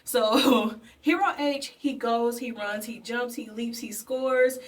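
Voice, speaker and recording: Fairly high-voiced woman gushing over a movie, lots of animated character voices, mic kinda far. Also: slow. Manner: animated, chatty, acts out characters in funny voices. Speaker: beauty and movie review vlogger. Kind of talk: casual movie recap while doing face paint.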